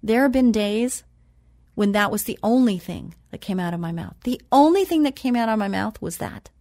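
A woman hosting a Christian talk show who reads scripture slowly and with emphasis, then chats casually. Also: a little high, lively intonation, no echo, studio quality.

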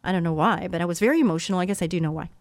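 A woman's voice: on the low side, rapid-fire, no echo, studio quality. Earnest woman giving a faith-filled talk. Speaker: business owner and coach. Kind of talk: motivational talk.

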